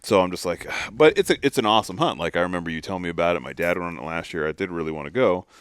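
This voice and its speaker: A deep-voiced man co-hosts a podcast, telling a lively story in casual chat and acting out the quotes like an animated storyteller. He speaks very fast with a clear, resonant tone, and the recording is dry with clean studio sound.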